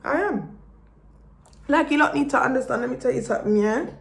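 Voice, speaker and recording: A woman's voice: high voice, rapid-fire, vocal fry. A young woman giving a blunt, profane motivational vlog rant and slipping into Jamaican-style patois. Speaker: vlogger. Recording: roomy echo.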